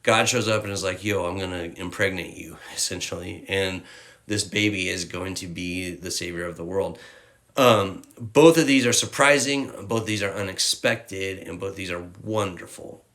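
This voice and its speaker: A man's voice: deep voice, moderate pace, fairly bright tone. A man giving a casual, candid devotional talk as a youth ministry leader, rambling with slang and fillers, tearful at times.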